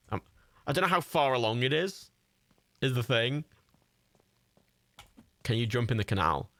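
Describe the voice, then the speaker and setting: A man giving sweary, excitable, rambling commentary while streaming a game live. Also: medium pitch.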